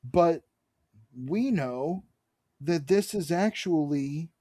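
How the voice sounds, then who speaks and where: Animated man recapping a comic. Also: a little high, very slow, no room sound, clean studio sound. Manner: animated, reads out character lines, swears casually. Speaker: podcast co-host. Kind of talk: casual comic book recap.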